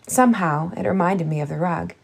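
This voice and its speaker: A woman narrating a children's novel in the first person, reading gently. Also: on the low side, fairly quick, creaky, slightly rough. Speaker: audiobook reader.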